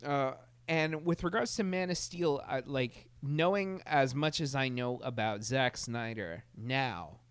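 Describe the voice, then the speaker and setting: A man in casual chat, animated and rambling, with many restarts and laughs. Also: medium pitch, a little slow, hardly any pauses, clear, resonant tone, no room sound.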